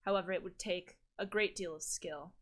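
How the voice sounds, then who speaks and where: A woman narrating a tabletop game as game master, describing scenes in a relaxed way with frequent fillers. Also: on the low side, brisk.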